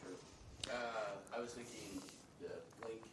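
A man's voice: lowish voice, steady tone, takes it slowly. A man in a Bible class sharing his thoughts in a thoughtful, earnest way. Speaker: class member. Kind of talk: sharing in a group discussion. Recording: distant, roomy, noisy.

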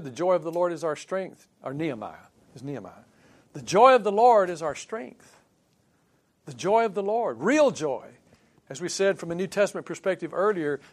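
Speaking to his congregation in a conversational style, a pastor preaches a sermon with a voice that sits high. He poses questions to them and moves between quiet asides and emphatic points.

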